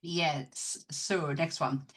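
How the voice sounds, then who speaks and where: British lady chatting on a podcast, kinda low voice, lots of ums and restarts. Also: fairly even intonation, drawn-out words. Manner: chatty, laughs often, many ums and restarts. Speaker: podcast co-host. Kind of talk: casual podcast chat.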